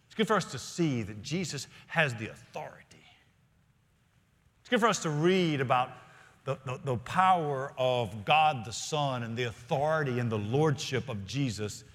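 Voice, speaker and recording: A male senior pastor preaching a sermon in a church, earnest, often slowing and dropping to quiet emphasis. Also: medium pitch, expressive. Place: church sanctuary. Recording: long reverb of a large hall.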